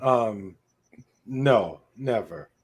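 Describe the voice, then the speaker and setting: A man's voice: fairly low pitch, animated, extremely slow, husky. A man co-hosting a podcast, chiming in with short, hesitant replies in a casual chat. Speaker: podcast co-host.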